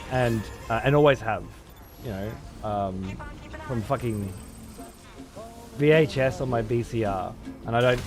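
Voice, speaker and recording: A man streaming a game, chatting casually and rambling through strong, profane opinions. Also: medium pitch. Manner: opinionated, rambling, swears a lot. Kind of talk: casual gaming stream chat.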